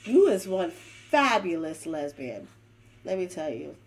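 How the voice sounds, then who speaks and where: A woman hosting her own horror reaction channel, talking back to the screen in an emphatic, excitable, chatty way. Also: lowish voice, a little slow, breathy edge, low-quality recording. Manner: chatty, uses homespun comparisons. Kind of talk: casual reaction commentary.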